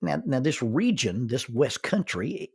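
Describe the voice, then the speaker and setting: A man's voice: medium pitch, very animated, unhurried, breathy edge, dry recording, clean studio sound. A middle-aged man telling a personal story in a folksy, chuckling way. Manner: folksy, chuckles through his stories. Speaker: storyteller and minister.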